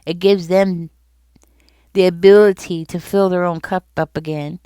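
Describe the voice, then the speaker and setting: A woman talks viewers through a tarot spread in a loose, conversational way, circling back over her points. Her voice sits low and smooth. It is recorded close and dry, with no room sound. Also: fairly even intonation, a little slow, dark tone, no room sound. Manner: conversational, repeats herself, speaks directly to viewers. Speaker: tarot reader. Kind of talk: casual tarot reading to camera.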